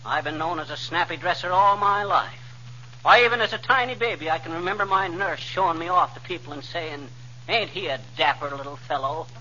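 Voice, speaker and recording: An actor playing a blustering, boastful husband with a sniffling cold, in 1940s radio comedy. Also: male voice, on the high side, pushed and bright. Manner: blustering, boastful, rapid tongue-twisting patter. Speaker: comedy lead. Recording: dull old radio broadcast with faint hiss.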